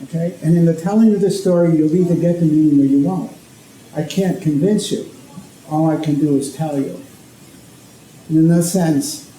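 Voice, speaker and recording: Dark-voiced priest lecturing in an echoey hall. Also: male voice, a little high. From Connecticut, USA. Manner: conversational, checks in often with "okay?". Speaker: speaker, priest and ethicist. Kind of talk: informal lecture. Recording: echoey hall, faint background noise.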